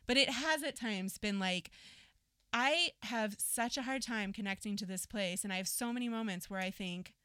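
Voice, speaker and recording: A woman's voice: a little high, normal speed, bright, forceful tone, smooth, no echo, clean studio sound. An American woman in her thirties, a podcast guest chatting casually and animatedly with lots of fillers. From United States.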